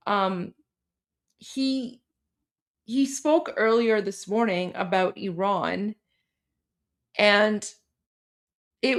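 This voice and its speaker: A woman hosting a livestream, chatting casually and rambling a little as she answers her viewers' chat. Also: mid-range voice. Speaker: livestream host.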